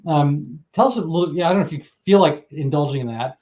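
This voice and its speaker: A man's voice: fairly high pitch, fast talker, a little mellow. A man hosting an interview, asking questions hesitantly with many fillers. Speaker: interviewer host. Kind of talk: casual interview.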